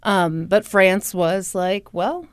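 A woman's voice: medium pitch, normal speed, clean tone, dry recording, studio quality. Sarcastic, profane woman telling a true-crime story. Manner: profane, sarcastic, animated retelling. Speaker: podcast host.

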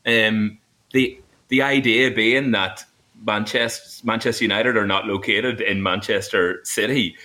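A man co-hosting a casual podcast, chatty and quick to laugh. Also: lowish voice, steady tone, bright, forceful tone. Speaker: podcast co-host.

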